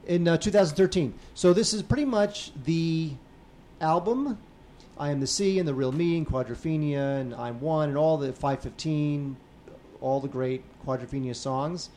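A man's voice: a little high, normal speed, dark tone. A man co-hosting a podcast, chatting casually about home video releases, with frequent fillers and trailing sentences. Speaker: podcast co-host.

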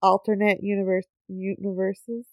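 A woman's voice: mid-range voice, little pitch movement, moderate pace, a little mellow, dry recording, clean studio sound. A woman co-hosting a casual podcast chat, giggly and rambling, pressing her points with emphasis. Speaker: podcast co-host.

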